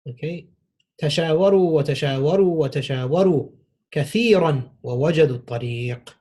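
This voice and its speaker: A man's voice: medium pitch, breathy edge. A man teaching an Arabic grammar class, patiently repeating key phrases and praising his students. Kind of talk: classroom lesson.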